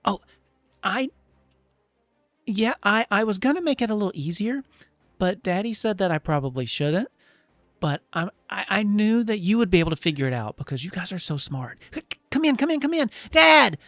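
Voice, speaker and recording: A man voicing an excitable little girl who stammers and gushes in a tabletop game. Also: sits high, fairly quick, no room sound, pitched above the performer's own voice. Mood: excited. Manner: stammering, gushing.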